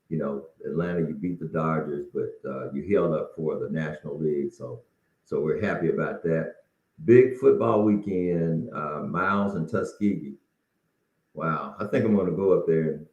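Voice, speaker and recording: A low voice with a darkish tone belongs to a middle-aged podcast host speaking solo and casually. He comes across as folksy and encouraging, slightly breathless, with many restarts, in a dull, roomy lo-fi recording.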